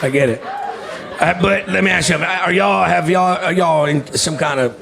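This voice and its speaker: A man's voice: high voice, measured pace, vocal fry. A male stand-up comedian telling crude stories and working the crowd, acting out the other voices. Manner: crude, drawling storyteller who acts out other voices. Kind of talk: stand-up set with crowd work. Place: comedy club stage. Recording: live club recording with audience noise. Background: audience laughter.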